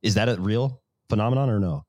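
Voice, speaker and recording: A man's voice: lowish voice, quick pace, darkish tone, no echo. A man hosting an interview, asking curious, rambling questions. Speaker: podcast host. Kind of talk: conversational interview.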